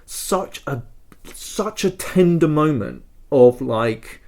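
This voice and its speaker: A man's voice: fairly high pitch, animated, takes it slowly, vocal fry, a little mellow. A man co-hosting a podcast, telling a story in a rambling, emotional way with many fillers. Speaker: podcast co-host.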